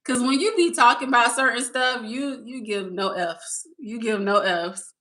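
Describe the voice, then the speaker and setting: This woman's voice sits fairly high, with a sharp tone and a moderate pace. She's live-streaming, chatting loosely and wandering from topic to topic as she reads messages out loud, laughs often, and addresses the audience as "y'all."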